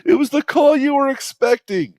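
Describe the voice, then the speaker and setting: A man's voice: very high voice, moderate pace, darkish tone, no echo. A man co-hosting, chatting casually, giggling and swearing. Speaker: co-host reacting to a clip. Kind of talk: casual chat.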